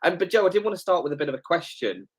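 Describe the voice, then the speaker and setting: A man's voice: high voice, very animated, rapid-fire, husky, poor audio. A man from Britain hosting a webinar, chatty and joking over a video call. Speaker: webinar host. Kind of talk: casual webinar chat.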